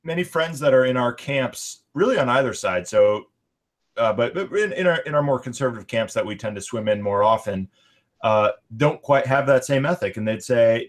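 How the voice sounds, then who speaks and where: A man's voice: mid-range voice, animated, moderate pace. A man co-hosting a discussion podcast, talking casually with lots of fillers and restarts. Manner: conversational, many fillers and restarts. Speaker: podcast co-host.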